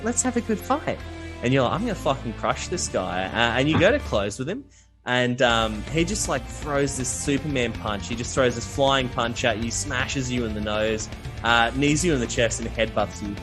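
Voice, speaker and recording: An animated man running a tabletop game, narrating fights and calling for dice rolls. He laughs often and swears freely, in a voice of ordinary pitch. Faint music plays behind him. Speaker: game master.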